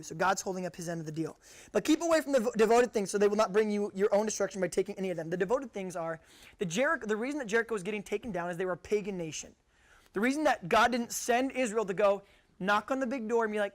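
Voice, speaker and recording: A young man preaching to high school students in a casual, joking way, reading scripture and acting out the people in it. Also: expressive, fast talker. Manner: jokey, conversational, acts out quotes. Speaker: youth pastor. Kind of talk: casual youth sermon.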